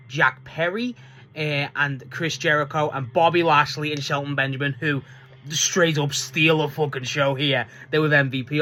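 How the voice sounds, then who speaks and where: Casual male reviewer, excitable and profane, laughs through his sentences, rambles with restarts. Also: fairly high pitch. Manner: excitable, swears often, laughs mid-sentence; rambling, full of restarts and filler. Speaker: wrestling reviewer. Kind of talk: casual spoken show review.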